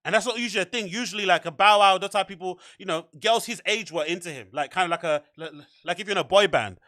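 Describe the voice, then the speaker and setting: A young man with a high, bright voice talks through a loose, rambling podcast chat, packed with fillers and swearing. The sound is dry and close, with no room around it. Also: fast, no echo. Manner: rambling, animated, swears a lot, filler-heavy. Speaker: podcast host. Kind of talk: casual chat.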